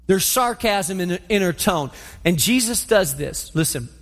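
A man preaching a sermon, telling a story in an animated way and acting out scenes. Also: high-pitched, a little slow. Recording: long hall reverb.

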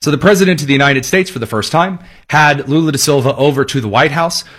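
A man hosting a solo political commentary show, talking emphatically with sarcastic asides. His voice sits somewhat high for a man, and his delivery stays pointed and opinionated. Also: fast, a bit bright, husky.

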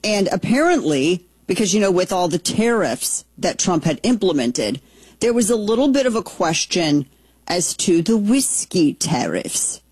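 A woman's voice: lowish voice, sing-song, a little slow, darkish tone, slightly rough, no room sound. A woman hosting casual political commentary, opinionated and chatty, thinking aloud as she goes.

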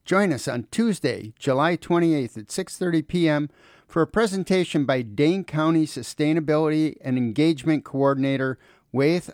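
A man reads a community library announcement in a plain, informative manner. His voice sits a little on the high side for a man. The sound is dry and close, with no room around it. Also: a little mellow, no echo. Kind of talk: read public service announcement.

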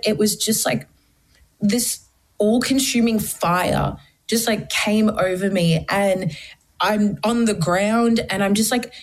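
Earnest young woman telling her story. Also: medium pitch. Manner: earnest, candid storytelling, full of "like". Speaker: guest. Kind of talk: personal faith testimony.

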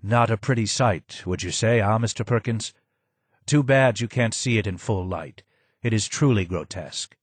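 A man voicing a broken, disfigured old man in an audiobook, speaking low and hoarse, slow and weary. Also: no room sound. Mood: grim. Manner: slow, quiet, weary and measured. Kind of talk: audiobook character voice.

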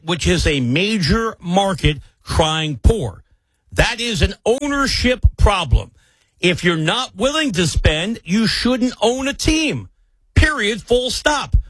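A man's voice: sits high, a bit bright, slightly rough, no room sound, poor audio. A man filling in as a sports talk host, delivering an opinionated monologue with emphatic rants and rhetorical questions. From New York area.

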